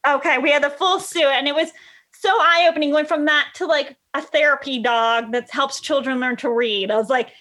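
A woman dog trainer chatting as a podcast guest, telling animated stories and acting out what people said. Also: sits high, moderate pace. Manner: animated storyteller, acts out quotes. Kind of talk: casual podcast chat.

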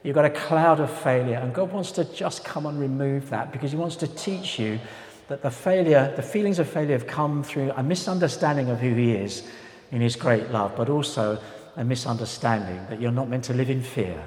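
A man's voice: medium pitch, normal speed, a little mellow, a little hiss or hum. A man preaching a sermon as pastor, in a conversational, humorous way that acts out voices. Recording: echoey hall with long reverb.

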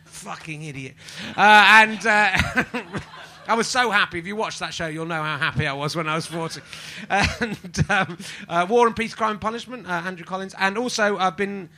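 A man's voice: high voice, normal speed, a little hiss or hum. Self-mocking man hosting a live comedy podcast. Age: 40s. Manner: rambling, self-mocking, bursts into shouting. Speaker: podcast host. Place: live venue with audience.

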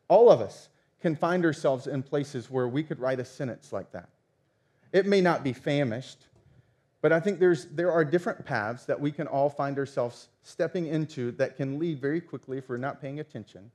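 Male pastor, thirties, slightly high voice, animated storyteller who acts out quotes. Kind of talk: sermon.

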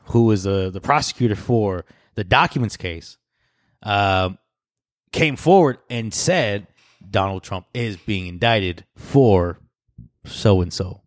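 Laid-back low-voiced podcast guy. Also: lively intonation, slow pace, long pauses, dry recording, studio quality. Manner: loose, laughing, profane banter with bursts of mock shouting. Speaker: podcast co-host. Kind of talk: casual chat.

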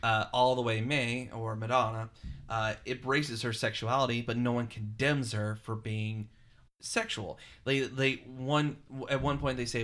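Relaxed man talking about a film. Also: medium pitch, unhurried. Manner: relaxed, many fillers like um and uh. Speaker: podcast co-host. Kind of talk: casual film discussion.

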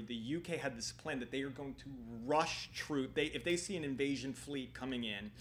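A man's voice: medium pitch, a bit bright, slight background noise. A man casually retelling a history episode on a podcast, rambling with lots of fillers and restarts.

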